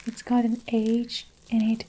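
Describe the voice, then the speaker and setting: A woman's voice: fairly high pitch, monotone, a little slow, noisy background, natural voice. A woman whispering a storybook reading, voicing a nervous, hesitant small schoolboy in a whispered role-play. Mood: eager.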